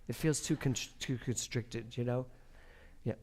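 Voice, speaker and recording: A man's voice: medium pitch, steady tone, unhurried, darkish tone. A man leading a church service as spiritual director, talking casually from the pulpit in a chatty, playful way and laughing often. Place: church sanctuary.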